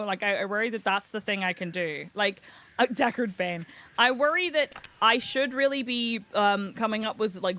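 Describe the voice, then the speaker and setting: A woman's voice: mid-range voice, sharp tone, slight background noise. A young British woman chatting casually and giggling as she streams a farming game. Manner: giggly, chatty, self-mocking. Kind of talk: casual game livestream chat.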